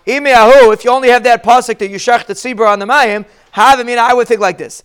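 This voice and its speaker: A man's voice: very high-pitched, fairly even intonation, fast talker, fairly bright tone, smooth. A man teaching a Talmud lesson, explaining each Hebrew phrase in plain English.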